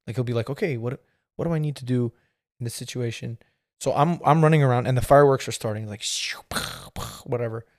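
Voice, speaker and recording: A man's voice: medium pitch, fast talker, darkish tone, no room sound, studio quality. A man in his thirties hosting a podcast, telling a rambling story with lots of fillers and laughing as he goes. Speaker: podcast host. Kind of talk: casual storytelling.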